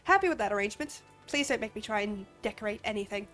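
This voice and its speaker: An Australian woman chats casually while streaming a game, her medium-pitched voice animated, fast and a bit bright. She sounds sniffly and slightly drowsy, rambling along and laughing often, with faint game music behind her.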